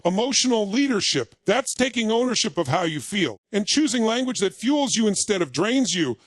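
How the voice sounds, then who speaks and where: Male motivational speaker, high voice, emphatic and punchy, dry close sound. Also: no echo. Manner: emphatic, punchy short declarations. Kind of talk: motivational speech.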